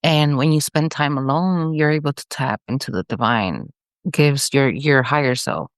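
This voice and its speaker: Low-voiced woman telling a story vividly. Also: moderate pace, dry recording, clean studio sound. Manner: tells the story vividly, acting out the dialogue with pitch jumps. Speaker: psychic medium guest. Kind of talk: animated storytelling in an interview.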